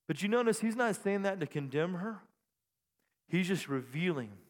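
A high-voiced male pastor preaches to his congregation, swinging from soft asides to loud, excited bursts. His voice rings out with a long reverb through the church hall. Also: moderate pace. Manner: animated preaching with bursts of shouting. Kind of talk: sermon. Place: church sanctuary.

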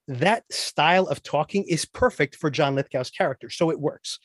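A man hosting a podcast, ranting about a TV show in animated casual chat and mimicking characters in quick asides. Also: a little high, no room sound, studio quality. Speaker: podcast host.

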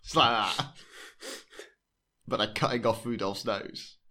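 A man's voice: mid-range voice, measured pace, sharp tone. A man hosting a podcast, joking, swearing freely and mockingly reading reviews aloud. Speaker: podcast host. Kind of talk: casual podcast banter.

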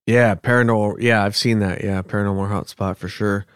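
A man's voice: fairly low pitch, fairly even intonation, a little fast, a bit bright, smooth, no echo, studio quality. A man co-hosting a podcast, reading the show's announcements and then chatting loosely with his partner. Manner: reads show announcements, then chats loosely. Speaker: podcast co-host. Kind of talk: casual podcast chat.

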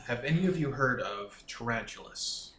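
A man playing a tabletop game, speaking in a measured, teasing way. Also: mid-range voice, animated, a crowd in the background. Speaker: player. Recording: echoey room.

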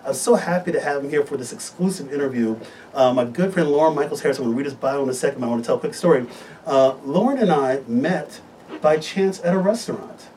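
Enthusiastic male health-show host, mid-pitched, a little distant from the mic with faint hiss. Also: animated, fast talker, darkish tone. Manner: upbeat, enthusiastic, promotional. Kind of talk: live studio talk show. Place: radio studio.

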